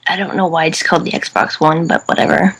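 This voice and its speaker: Laid-back male guest, gravelly, faint background noise. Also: on the high side, little pitch movement, a little fast, fairly bright tone, poor audio. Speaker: podcast guest. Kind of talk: casual gaming podcast chat.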